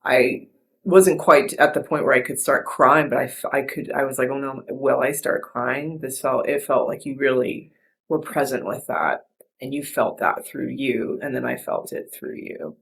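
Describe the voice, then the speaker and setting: Gravelly-voiced woman host, earnest and rambling. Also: a bass voice, lively intonation, normal speed. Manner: rambling, soft and earnest, with many restarts and fillers. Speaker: podcast host. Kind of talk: reflective casual chat.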